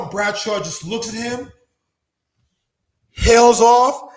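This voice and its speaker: A man with a fairly high voice tells a wild story as an interview guest. He swears freely, laughs often, and acts out everyone involved with loud, excited shouts. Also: takes it slowly, rough recording. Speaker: interview guest, former wrestler. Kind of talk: animated storytelling.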